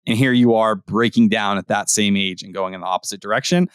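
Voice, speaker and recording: Profane, animated male podcast co-host. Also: on the low side, clear, resonant tone, dry recording, clean studio sound. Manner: animated, profane, rapid-fire opinions. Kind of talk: casual sports chat.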